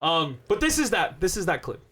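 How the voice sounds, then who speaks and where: A livestream host chatting casually, animated, laughing and swearing often. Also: medium pitch, brisk, a little hiss or hum. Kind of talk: casual chat.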